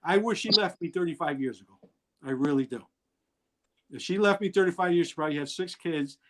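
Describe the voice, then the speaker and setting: A man's voice: on the high side, fairly quick, rough recording. A middle-aged man speaking over a video call with a slightly raised voice. He rambles bluntly through his stories and keeps laughing at himself along the way. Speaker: guest. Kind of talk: candid storytelling in an interview.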